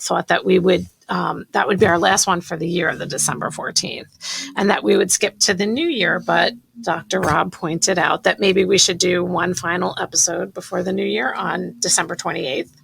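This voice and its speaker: A middle-aged woman co-hosting a casual medical podcast, chatty and quick to laugh. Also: lowish voice, creaky, fairly bright tone, slight background noise. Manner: chatty, laughs easily, reads testimonials aloud. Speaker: podcast co-host.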